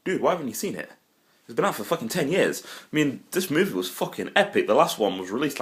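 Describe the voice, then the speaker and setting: A young man giving a casual, rambling film review, animated and full of swearing. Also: mid-range voice, fast talker. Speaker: vlogger reviewing films.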